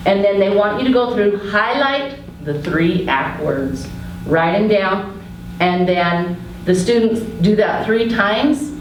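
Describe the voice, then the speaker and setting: A woman's voice: mid-range voice, expressive, slow. A woman talks casually through classroom reading ideas and reads little children's passages aloud in a sing-song way. She sounds distant, in a very echoey room with faint background noise. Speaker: education student presenting. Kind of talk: classroom presentation.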